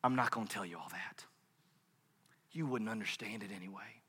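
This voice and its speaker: A man whispering as a tender, hushed God. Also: on the low side, brisk, breathy edge, pitched below the performer's own voice. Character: gentle fatherly God, calm and loving. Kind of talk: whispered role-play.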